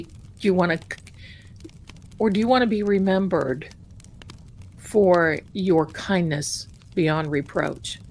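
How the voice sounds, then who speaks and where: American woman, livestream host, slow, chatty, faint background noise. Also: lowish voice. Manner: slow, chatty, repeats herself, drops to a whisper. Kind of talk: casual livestream chat.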